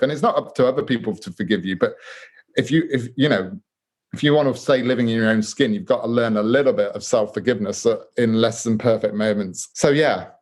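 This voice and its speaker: Halting, earnest male author. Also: lowish voice. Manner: earnest, halting, with frequent restarts. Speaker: author guest. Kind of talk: reflective interview talk.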